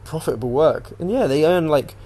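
A man's voice: a little high, expressive, fairly quick, mellow. A man hosting a casual solo podcast, rambling and swearing as he animatedly retells what he watched on TV. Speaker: podcast host.

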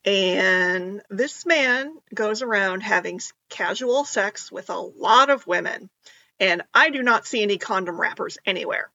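A woman's voice: mid-range voice, a little slow, sharp tone, no room sound. A woman improviser, a guest on a casual podcast, speaking in a plain, matter-of-fact way. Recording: dull lo-fi sound.

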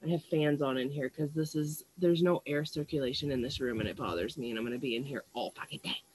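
A young woman who works as a psychic medium and astrology vlogger chats casually on a livestream through an earphone mic, rambling and often swearing between fillers. Her voice is very deep, fast and darkish. She's in a small, stuffy room at home with fans running, and there's slight background noise.

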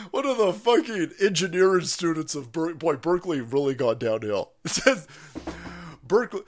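A middle-aged man doing profane live-stream commentary in a fairly high voice. His pitch swings widely as he moves from loud outbursts to low, muttered asides. He laughs often as he rants.

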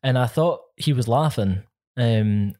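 A Scottish man recounts a personal story on a podcast in a relaxed, chatty way. He sounds earnest and keeps breaking into light laughter between phrases. His voice sits at an ordinary middle pitch for a man. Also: a little slow. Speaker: podcast co-host. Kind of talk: casual storytelling.

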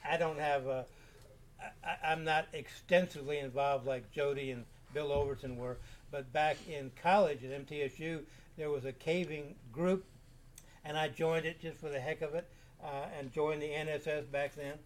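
An older man in his seventies tells long, meandering stories as an interview guest. His voice sits a little high for a man, and he often stops and repeats himself mid-sentence. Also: fairly even intonation, moderate pace. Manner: rambling, self-repeating anecdotes. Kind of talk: casual storytelling.

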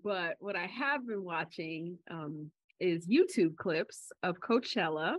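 A woman co-hosting a podcast in casual chat, telling stories in a chatty way and getting animated when she quotes people. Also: on the low side, slow pace, dry recording. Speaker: podcast co-host. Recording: slightly dull lo-fi audio.

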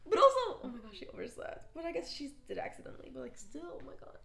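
A woman co-hosting a casual chat show, animated, swearing often and reacting with outrage. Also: sits high, fast talker, vocal fry. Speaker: podcast co-host.

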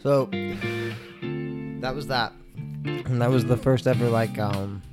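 A young man hosting a casual podcast, rambling and swearing a lot, stoned and relaxed, with lots of filler words. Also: medium pitch, measured pace, long pauses, music in the background. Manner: rambling, profane, laid-back, lots of "like" fillers. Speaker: podcast host. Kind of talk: casual solo podcast chat.

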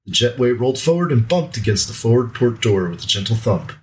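A man's voice: mid-range voice, lively intonation, brisk, low-quality recording. A man co-hosting a book podcast, reading passages aloud and chatting casually with frequent laughs. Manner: easygoing, laughs often, hesitant fillers. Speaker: podcast co-host.

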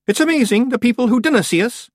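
A man voicing a small, cheeky, wild blue male pictsie with a high, boisterous Scottish brogue in an audiobook reading. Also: animated, fast talker, no room sound, clean studio sound.

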